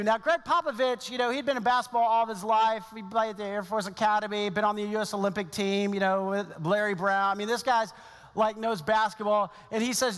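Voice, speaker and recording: A man's voice: high-pitched, a bit bright, big-room sound. A middle-aged male pastor giving a sermon, telling a story in a conversational way with asides.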